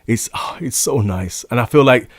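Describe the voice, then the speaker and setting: Talking up close to a large condenser studio mic at home, this young man rambles excitedly through a casual gear review of microphones. He has a mid-range voice with lively intonation, speaks at normal speed, and the recording has no echo.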